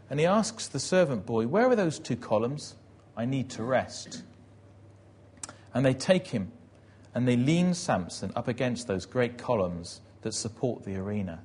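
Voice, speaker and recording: A man preaching, retelling a story vividly and acting out the shouts and prayers in it. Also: medium pitch, slightly rough. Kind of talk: dramatic sermon storytelling.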